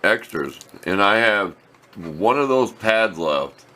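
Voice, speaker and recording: Folksy deep-voiced older man in his workshop. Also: expressive, takes it slowly, pushed and bright, slight background noise. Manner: folksy, rambling, plain-spoken. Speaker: workshop video host. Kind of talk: casual workshop show-and-tell. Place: home workshop.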